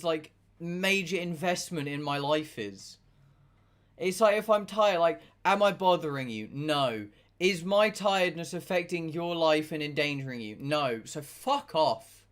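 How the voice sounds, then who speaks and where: A man's voice: a little high, moderate pace, fairly bright tone. Ranting young man streaming games. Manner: ranting, exasperated, swears a lot. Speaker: game streamer. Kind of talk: casual chat while gaming.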